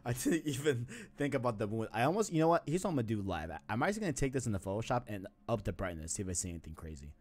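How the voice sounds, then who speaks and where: A man co-hosting a gaming podcast in casual chat, slangy and excitable, often saying "you know what I'm saying". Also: medium pitch, rapid-fire, few pauses. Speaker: podcast co-host.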